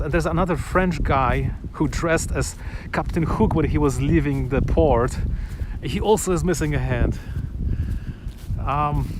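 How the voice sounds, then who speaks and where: Speaking in a slightly high voice over background noise, a man vlogs to camera outdoors on a sunny afternoon. His chat is loose and eager, full of restarts and small chuckles.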